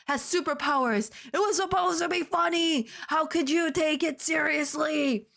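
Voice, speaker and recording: A woman doing a whiny exasperated dark wizard. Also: sits high, moderate pace, vocal fry, voice pushed up.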